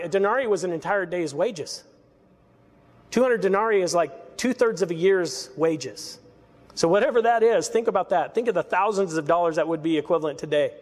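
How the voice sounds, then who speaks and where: A man preaching a verse-by-verse sermon as pastor, talking in a conversational way with sarcastic asides and quick laughs. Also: high-pitched. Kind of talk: expository sermon. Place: church sanctuary. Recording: hall reverb.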